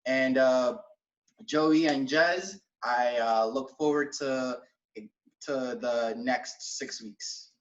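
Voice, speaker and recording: A young man in a wrestling class eagerly introduces himself, speaking very slowly in a mid-range voice and rambling through fillers. He sits back from the mic in an echoey room, and the call audio sounds distant and dull.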